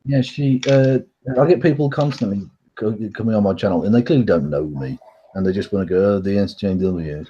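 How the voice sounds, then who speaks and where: A man's voice: on the low side, a little fast, warm tone, a little hiss or hum. A man talking bluntly and sarcastically in a casual chat, swearing freely. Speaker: guest. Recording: dull lo-fi call audio.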